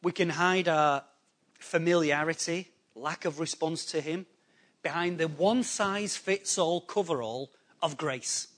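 High-voiced animated male preacher. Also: a little slow. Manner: animated, acts out excuses in quoted voices, conversational asides. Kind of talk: sermon. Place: church hall before a congregation.

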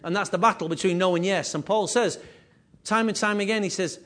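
A man preaching a sermon as pastor, animated and repetitive, with conversational asides. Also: high voice, a little fast. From England.

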